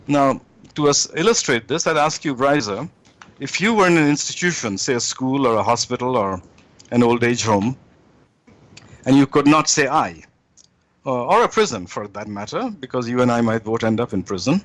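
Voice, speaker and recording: A man being interviewed as a guest author, laying out his argument deliberately, often acting out quoted speech. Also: mid-range voice, animated, fairly bright tone. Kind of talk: talk show interview.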